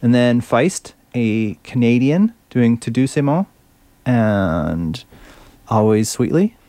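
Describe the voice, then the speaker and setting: A man's voice: medium pitch, expressive, takes it slowly, mellow, no echo. A male radio host chatting casually between songs, enthusiastic and fumbling a little over French words.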